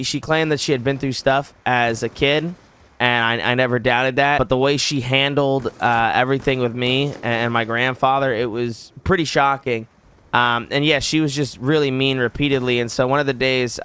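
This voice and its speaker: A man's voice: mid-range voice, fairly bright tone, clear, resonant tone. A young man telling a personal story casually on his channel, with many fillers and quoted back-and-forth. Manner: loose, filler-heavy retelling with quoted dialogue. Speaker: video host.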